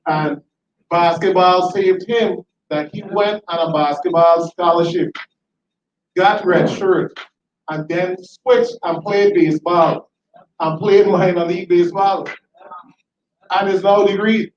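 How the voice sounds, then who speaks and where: A high-pitched man tells anecdotes at a tribute. He is animated, laughs easily and repeats himself. He is picked up from a distance by a dull, roomy hall recording. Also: takes it slowly, slight background noise. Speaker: tribute speaker, former school educator.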